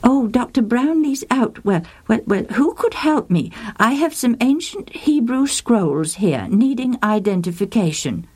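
A woman's voice: fairly high pitch, expressive, unhurried, few pauses, a little mellow, slightly rough, voice pushed up. A woman voicing a polite, flustered male monastery librarian on the phone, hesitant and full of fillers.

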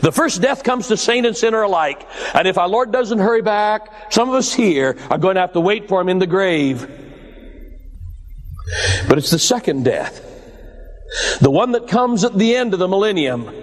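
A man preaching a sermon with dramatic swings of pitch and emphasis, calling his listeners "my dears.". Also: expressive, moderate pace. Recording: long hall reverb.

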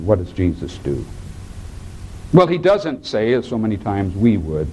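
A man preaching a sermon, addressing listeners as beloved and swinging from low hushed tones to high cries when he quotes. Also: sing-song, normal speed, slight background noise, rough recording. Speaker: pastor.

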